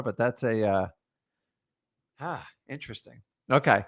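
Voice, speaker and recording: Guy coaching real estate, blunt and chatty, mid-pitched voice, keeps saying like and man. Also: moderate pace, long pauses. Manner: blunt and animated, with frequent filler "like" and "man". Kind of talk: casual teaching and live Q&A.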